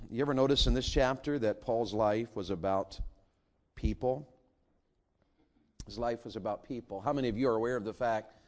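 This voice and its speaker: A man's voice: mid-range voice, darkish tone. A middle-aged man, preaching a sermon and firing rhetorical questions at his congregation. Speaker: pastor.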